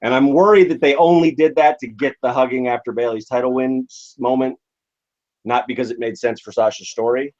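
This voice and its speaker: A man's voice: mid-range voice, steady tone, darkish tone, highs cut off. A man co-hosting a wrestling podcast in casual chat, weighing his opinions and hedging them. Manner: thoughtful, measured, hedging. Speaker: podcast co-host.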